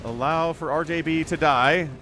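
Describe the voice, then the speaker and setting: A stern male gamer giving flat commands, put on by a caster. His voice runs fairly high over faint music. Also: moderate pace.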